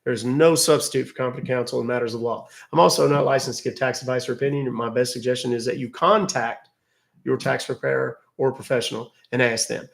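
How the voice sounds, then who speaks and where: Gravelly chatty man reading live questions. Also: mid-range voice, steady tone, fast talker. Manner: chatty, wry, reads viewer questions aloud then answers. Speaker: host answering live chat questions. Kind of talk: casual livestream Q&A.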